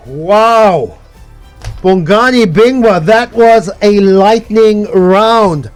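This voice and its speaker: A man co-hosts a live radio quiz, his voice noticeably high. He explains the rules and scores slowly and deliberately. Faint music sits under him. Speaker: co-host and scorekeeper. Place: radio studio.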